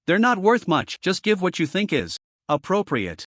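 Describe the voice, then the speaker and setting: Guy doing a chill young dude around twenty, offhand, lively voice, dry close mic. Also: high-pitched, moderate pace, no echo, pitched above the performer's own voice, full character voice. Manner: casual, offhand. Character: calm young man, about twenty, casual.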